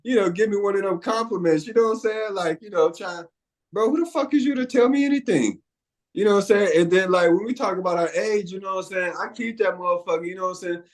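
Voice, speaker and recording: Loud, laughing profane man in his forties. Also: high voice, quick pace, rough recording. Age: 40s. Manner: profane, animated storytelling with frequent laughter. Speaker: podcast co-host. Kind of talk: casual chat.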